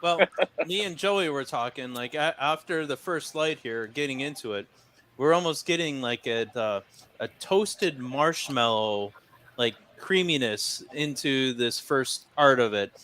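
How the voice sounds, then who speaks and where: A man's voice: medium pitch, unhurried, fairly bright tone. A man chatting casually on a tasting panel in an easygoing way. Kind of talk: casual chat.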